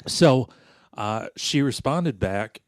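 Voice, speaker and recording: A man's voice: mid-range voice, expressive, slow pace, slight background noise. A man co-hosting a podcast in casual banter, dry and self-deprecating, rambling with fillers. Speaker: podcast co-host.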